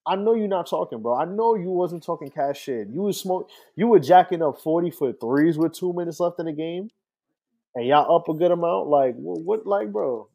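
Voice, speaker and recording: Casting note: male sports podcast co-host, slightly high voice, profane and mocking trash talk. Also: expressive, moderate pace, vocal fry, warm tone. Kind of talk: casual sports banter.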